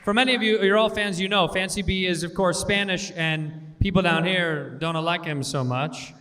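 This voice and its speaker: A man with a high, bright voice bantering loudly before a live crowd. He teases and shouts between laughs, and the sound rings with long reverb from the venue. A faint hum sits underneath. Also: normal speed. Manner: loud, teasing, often shouting and laughing. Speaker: podcast co-host.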